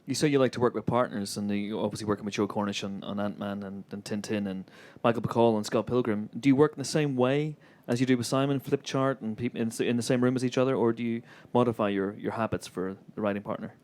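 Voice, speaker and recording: A man hosting a live Q&A, asking questions and calling on the audience in a friendly, brisk way. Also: fairly low pitch, fairly even intonation, darkish tone. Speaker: event host. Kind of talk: moderating a live Q&A.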